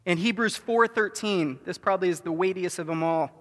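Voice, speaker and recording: A man with a high voice delivers an earnest sermon in a church sanctuary. He draws out key words and falls to a near hush for his most solemn appeals. His voice trails off in a long hall reverb. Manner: earnest preaching, drawn-out stressed words, softening to a hush. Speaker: pastor.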